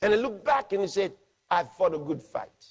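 A man, a pastor, preaching a sermon with emphasis and slowing down to read scripture aloud. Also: high-pitched, big pitch swings.

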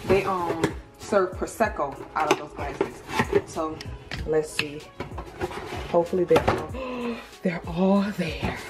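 An animated woman of thirty talks straight to her viewers in a casual home vlog. Her voice sits a little low. The room sounds roomy, with music under her. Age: 30s. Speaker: lifestyle vlogger. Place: apartment room. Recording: roomy echo with music behind.

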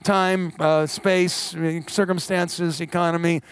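A middle-aged man preaching a sermon in church, animated with wry asides and quick laughs. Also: high-pitched, smooth. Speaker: guest pastor. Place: church sanctuary.

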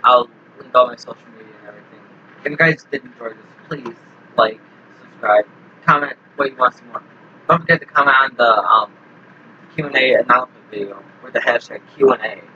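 A man's voice: mid-range voice, a little fast, sharp tone. A man hosting a gaming video, teasing his friends and wrapping up with an outro. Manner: teasing, boastful. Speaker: channel host. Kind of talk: casual game chat and video outro. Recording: lo-fi mic with faint hiss.

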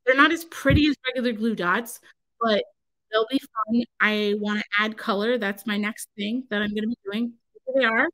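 A woman's voice: a little high, steady tone, moderate pace, fairly bright tone, rough recording. A woman crafter on her own channel, talking casually in a rambling, exasperated, self-interrupting way from home. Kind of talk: casual vlog rant.

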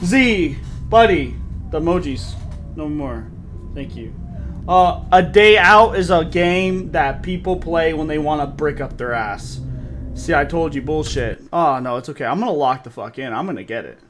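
A man's voice: fairly high pitch, animated, normal speed, a bit bright, a little hiss or hum. A young man streaming a horror game and chatting casually with his viewers, swearing often. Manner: swears a lot, chats with viewers. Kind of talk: casual gameplay commentary.

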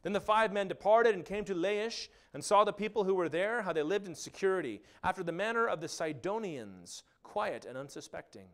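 Animated pastor, lively sermon voice. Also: male voice, on the high side. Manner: animated, acts out quotes and asides.

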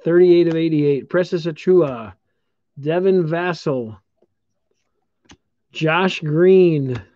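A man's voice: on the high side, warm tone, no room sound. A man hosts a live card break stream, taking his time as he names each pulled card and cheers on the buyers. His voice comes through dull and lo-fi, with a dry, close sound and no room around it. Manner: upbeat, congratulating viewers while calling out cards.

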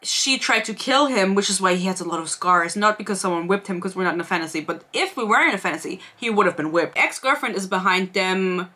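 A woman's voice: mid-range voice, animated, fast, few pauses, pushed and bright. A woman in her twenties giving a casual, sarcastic book review vlog, laughing and reading excerpts aloud.

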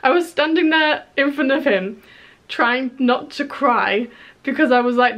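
A young woman from England chatting excitedly in a storytime vlog, full of fillers and restarts. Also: high voice, a little slow, rough recording. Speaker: YouTuber.

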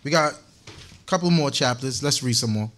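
A man's voice: mid-range voice, brisk, fairly bright tone. Playful, laughing male preacher. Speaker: congregation teacher. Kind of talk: joking sermon talk.

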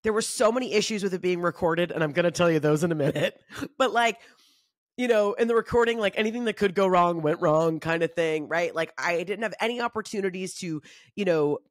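A woman comedian talking in a casual solo monologue, animated and swearing freely, acting out other people's voices. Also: brisk, no echo, studio quality. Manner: acts out quoted voices in shifting pitch. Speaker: comedian and podcast host.

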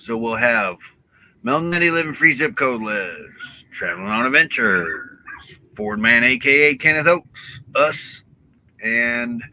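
Male co-host of a casual live stream, relaxed talker, bright voice, mid-range pitch. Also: rough recording. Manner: laid-back, chatty, quick to laugh. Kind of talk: casual chat.

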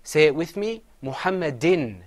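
A man's voice: on the high side, animated, moderate pace. Patient man teaching recitation. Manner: patient, has students repeat words after him. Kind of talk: classroom recitation lesson.

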